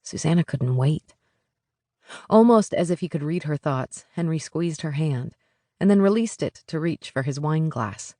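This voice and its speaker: A woman's voice: low voice, animated, a little slow, warm tone, no room sound. Woman narrating an audiobook, dry.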